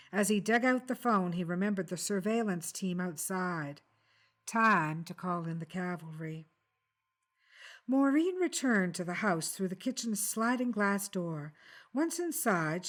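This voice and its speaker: A woman author reading her crime story aloud, in an even, unhurried storytelling manner. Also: on the low side.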